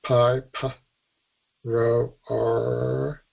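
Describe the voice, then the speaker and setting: An American man with a deeply gravelly, husky voice gives a webinar lecture to an online class through a computer microphone. Flat and unhurried, he patiently goes through the letters one at a time, and the audio sounds dull and lo-fi.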